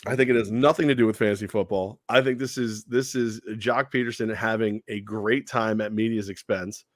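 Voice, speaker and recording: A man co-hosting a sports radio show in casual chat, animated, laughing often and repeating himself as he builds a point. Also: on the low side, brisk, dry recording, studio quality.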